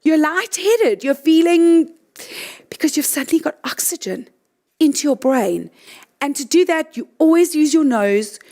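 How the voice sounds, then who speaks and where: A middle-aged woman leading a guided breathing talk, gently walking listeners through exercises. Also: sits high, animated, measured pace. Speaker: breathing coach.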